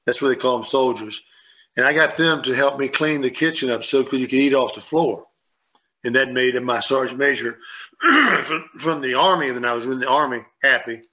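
A man's voice: medium pitch, moderate pace, pushed and bright. A man on a sports radio show, rambling and repeating himself as he tells a story and acts out what people said. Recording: dull lo-fi sound.

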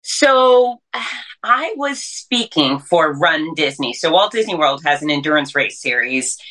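A woman who works as a race announcer and fitness speaker, talking as an upbeat, energetic interview guest. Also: low voice, low-quality recording.

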